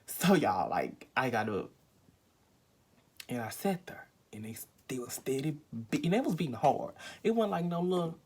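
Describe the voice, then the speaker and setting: A man's voice: fairly high pitch, big pitch swings, normal speed, darkish tone, breathy edge. A young man telling a rambling, emphatic storytime vlog at home, full of fillers and acted-out quotes. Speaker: vlogger.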